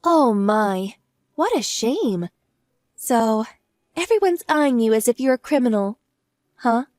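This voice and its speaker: A woman voicing a wronged wife in an audio drama, smug and sarcastic as she calmly mocks. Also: on the high side, takes it slowly, no room sound, clean studio sound. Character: cool, mocking wronged wife, adult woman.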